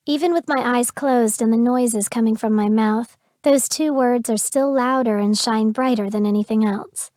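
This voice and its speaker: A woman narrating a dark romance audiobook in the first person, with an intimate, emotional delivery. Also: fairly high pitch, dry recording, clean studio sound.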